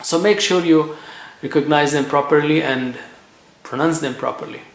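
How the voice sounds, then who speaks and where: A man teaching tajweed, slowly repeating each letter sound and checking in with "okay" as he drills pronunciation. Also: a little high. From India. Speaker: Quran recitation teacher. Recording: echoey room.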